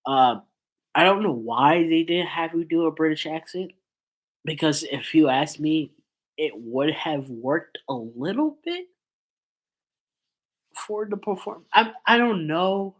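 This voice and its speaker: A man's voice: a little high, animated, slow pace, pauses often, rough recording. A man with a stuffy nose from a cold, chatting in a rambling casual commentary vlog with lots of fillers. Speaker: YouTuber.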